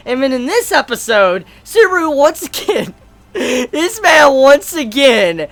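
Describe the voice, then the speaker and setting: A woman in her twenties talking through an anime episode in a casual, animated way, swearing freely and repeating herself as she gets worked up. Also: sits high, slow, gravelly. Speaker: anime reviewer. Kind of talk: casual video commentary.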